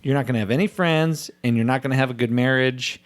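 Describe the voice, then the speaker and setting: Medium-pitched and quick, a man hosting a casual podcast spins a story heavy with profanity, voicing the others involved. He's the father of a young daughter.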